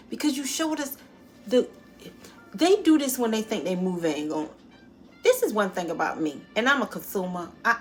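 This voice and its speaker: A woman giving a casual spoken movie review at home, chatty and expressive, calling her viewers honey and y'all. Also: medium pitch. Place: at home near her dishes.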